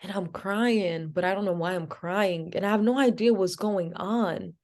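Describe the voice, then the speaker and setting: A woman's voice: mid-range voice, moderate pace. A young woman from Providence, Rhode Island, a podcast guest telling her story with lots of "like" fillers and acted-out dialogue. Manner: animated, acts out quoted dialogue, many "like" fillers. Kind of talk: storytelling in an interview.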